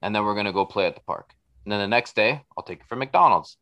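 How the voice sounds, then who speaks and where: A man's voice: fairly low pitch, animated, fast talker, fairly bright tone. A middle-aged man in a casual podcast conversation, blunt and profane, acting out little bits of dialogue as he tells stories. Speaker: podcast guest.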